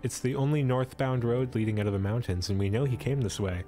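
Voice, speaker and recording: A man's voice: mid-range voice, fast talker, mellow, faint music behind, natural voice. A man voicing a pushy, demanding young male traveler in a storybook adventure, lifting his voice above his own. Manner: insistent and demanding.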